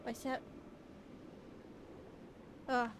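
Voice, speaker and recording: Woman game streamer, casual chatty commentary, unhurried delivery, laughs a lot, game noise and hoofbeats behind. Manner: chatty, laughs often, narrates own actions. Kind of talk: casual live gameplay commentary. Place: at home in a chair. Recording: game sounds with horse hooves behind. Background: video game audio.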